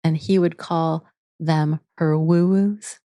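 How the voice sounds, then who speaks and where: Female interview guest, warm and earnest, dry close sound. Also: deep voice, steady tone, slow pace, dry recording. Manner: earnest, with frequent restarts. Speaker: guest, integrative therapy teacher. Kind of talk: casual interview talk.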